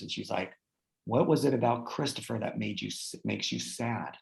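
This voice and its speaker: A man's voice: on the low side, steady tone, measured pace, vocal fry. A man hosting a chat, telling a personal story in an earnest, heartfelt way with lots of fillers. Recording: roomy echo.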